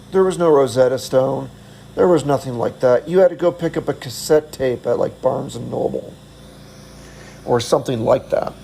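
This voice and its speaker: A man's voice: mid-range voice, creaky, dark tone, slight background noise, low-quality recording. A middle-aged man telling a travel story in a casual, rambling way, chuckling often and poking fun at himself. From United States. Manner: chuckling, self-deprecating, rambling. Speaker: vlogger.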